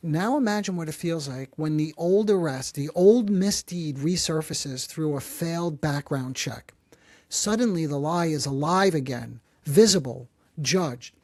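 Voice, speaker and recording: A man hosting a psychology podcast, who explains calmly and gently and slows down to stress key phrases. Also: on the high side, no room sound. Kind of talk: calm explanatory talk.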